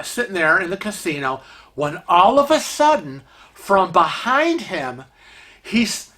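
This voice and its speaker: A man's voice: high-pitched, a bit bright. Chatty man telling a cruise story. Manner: chatty, many fillers, laughs while telling. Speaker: vlog host telling a travel story. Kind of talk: casual storytelling.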